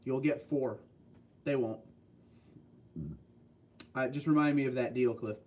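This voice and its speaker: A man hosting a casual livestream, chatting with viewers and telling rambling stories with quick asides. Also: mid-range voice, fairly even intonation, far from the mic, muffled recording. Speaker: livestream host reading viewer chat.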